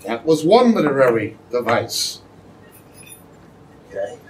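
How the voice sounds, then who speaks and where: A man giving sermon-style Bible teaching, explaining slowly and often checking with "okay?". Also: mid-range voice, sing-song, recorded from a distance, a little hiss or hum, poor audio. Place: church hall.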